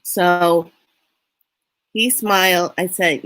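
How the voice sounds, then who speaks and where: Middle-aged woman, slow casual storyteller, lively quoted lines. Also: mid-range voice. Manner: unhurried, animated retelling with acted-out quotes. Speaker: spiritual reader and vlogger.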